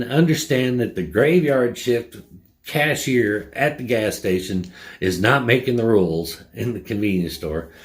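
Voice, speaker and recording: A man vlogging a casual story and rant about a rude customer at his gas station job, blunt and profane. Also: fairly low pitch.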